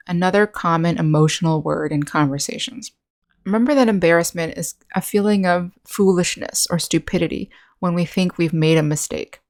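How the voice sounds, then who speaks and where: An American woman teaching an English lesson, reading model sentences slowly and clearly. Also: fairly low pitch. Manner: slow, carefully enunciated model sentences.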